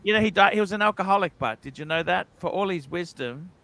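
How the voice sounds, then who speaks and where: Bright-voiced livestream host. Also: male voice, sits high, fast talker. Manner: reads donor comments aloud, swears casually. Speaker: livestream host reading super chats. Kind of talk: casual livestream chat.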